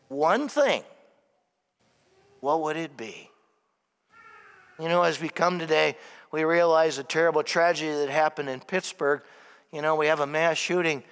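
High-voiced pastor preaching in a reverberant church. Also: male voice, fairly bright tone. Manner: asks the congregation questions, rising and falling emphasis. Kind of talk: sermon.

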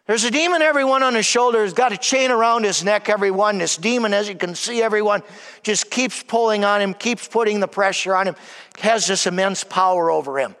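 High-voiced emphatic preacher in a church. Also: male voice, fairly quick. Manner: emphatic, repeatedly addresses "everyone", drops soft for emphasis. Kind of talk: sermon. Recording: long hall reverb.

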